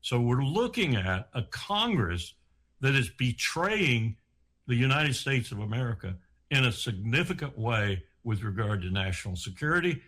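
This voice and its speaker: Husky, grave older man. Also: mid-range voice, a bit bright. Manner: grave, repeats words for emphasis. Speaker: retired army colonel. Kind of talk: interview commentary.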